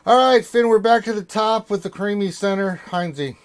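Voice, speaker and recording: A man's voice: high-pitched, moderate pace, clean tone. A man hosting a live gaming panel, teasing the others and moving the questions along. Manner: teasing, banters and moves the show along. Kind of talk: casual live game chat.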